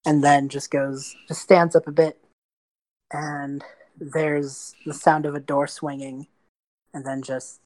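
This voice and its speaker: A woman narrating as game master of a tabletop role-playing game, relaxed and full of casual fillers. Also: sits low, slow, no room sound, rough recording. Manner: relaxed storyteller, many fillers like "just goes".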